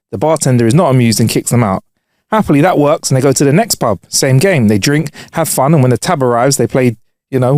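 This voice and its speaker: A man's voice: mid-range voice, darkish tone, no echo, studio quality. A man co-hosting a casual comedy podcast, reading jokes and headlines aloud and laughing often. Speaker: podcast co-host.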